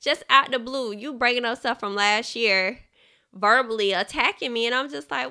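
Woman, podcast host, bright tone, smooth clear voice, casual chatty book talk. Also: on the high side, moderate pace. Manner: chatty, animated, laughs often, addresses listeners as y'all.

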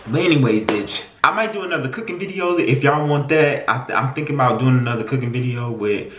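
A man hosting a casual reaction vlog, animated and exclamatory, swearing freely and a little out of breath. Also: mid-range voice, fast talker, distant mic. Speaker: YouTube host reacting to food videos. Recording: roomy, off-mic, faint hiss.

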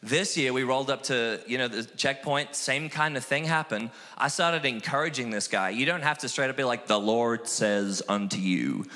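A man from Australia, a missionary guest telling animated, self-deprecating stories in a casual interview. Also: mid-range voice, brisk, few pauses. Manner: animated, acts out quoted voices, self-deprecating. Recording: long hall reverb.

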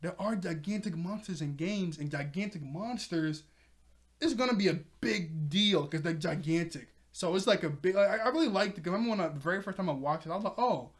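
A man recapping a cartoon episode in casual chat, excitable and chatty, laughing often. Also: high voice, a little fast.

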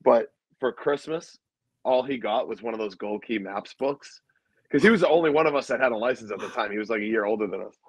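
A man who is a guest musician, telling stories in a relaxed, casual way with lots of fillers. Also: mid-range voice, brisk, breathy edge, no room sound. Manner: relaxed storyteller, many fillers. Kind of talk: casual chat.

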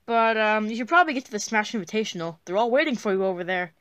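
A woman voicing a whiny, excitable young male dinosaur in a plush puppet comedy. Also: mid-range voice, fast, no room sound, natural voice. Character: whiny young male dinosaur who wants an imaginary friend.

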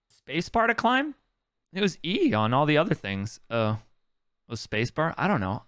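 Bright, animated exasperated man. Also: a little high, moderate pace, clear, resonant tone, no echo, studio quality. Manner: exasperated, self-mocking, swears. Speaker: game streamer. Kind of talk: casual gaming commentary.

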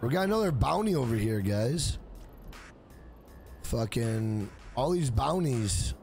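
A man's voice: mid-range voice, sing-song, takes it slowly, creaky, darkish tone, faint music behind. A man around forty, streaming a game live, hyping up and thanking his chat in a casual, profane way. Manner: hyped, profane, reads out viewer names.

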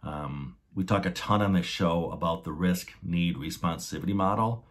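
A man's voice: sits low, normal speed. A man hosting a podcast, explaining ideas methodically and restating his key points. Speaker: podcast host.

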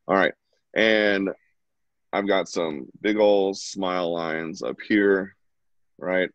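A man's voice: low voice, steady tone, takes it slowly, long pauses, dry recording. A man at home giving a casual, chatty live drawing lesson and talking while he sketches. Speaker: drawing instructor. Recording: dull lo-fi, dry sound.

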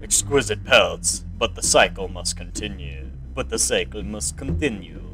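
A man voicing a grim, cold trapper-trader in a video game, reading his lines slowly in a lowered voice. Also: lively intonation, over music, natural voice, low-quality recording. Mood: stern.

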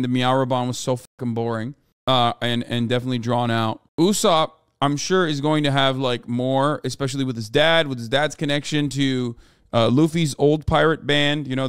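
A man streaming live, ranting casually to his chat, animated and exasperated, with heavy swearing. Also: medium pitch, clear, resonant tone, dry recording, clean studio sound.

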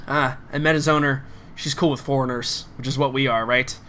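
A man's voice: medium pitch, fairly even intonation, brisk, pushed and bright, slight background noise, close to an everyday voice. Burly easygoing gang heavy, voiced by the GM, near his own voice. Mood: sly.

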